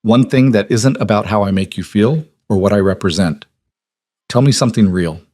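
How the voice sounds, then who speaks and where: A man voicing a desperate young noblewoman in an audiobook romance, earnest and steady. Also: lowish voice, normal speed, no echo, clean studio sound, natural voice. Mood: resolute.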